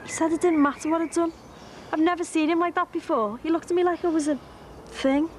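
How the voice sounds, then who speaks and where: A woman's voice: very high voice, steady tone, fairly quick, a little hiss or hum. A defiant pregnant teenage girl. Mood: hurt. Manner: sullen, bitter and sarcastic. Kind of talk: TV soap drama acting.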